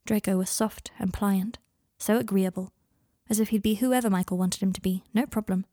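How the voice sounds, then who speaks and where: A woman narrating a fan fiction audiobook in an even, measured way. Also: mid-range voice, no room sound, clean studio sound.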